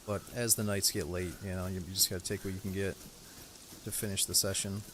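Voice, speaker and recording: A game streamer, a man with a fairly low voice, talks through his session in a relaxed, rambling way. He thanks viewers and chats with teammates, and a faint hiss sits under his voice. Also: brisk. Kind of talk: casual live-stream chat while playing.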